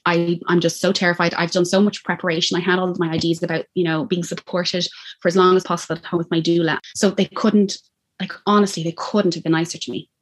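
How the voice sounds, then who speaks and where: Irish woman, thirties, quick casual storyteller, lowish voice. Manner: animated, acts out quoted lines. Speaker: guest telling her birth story.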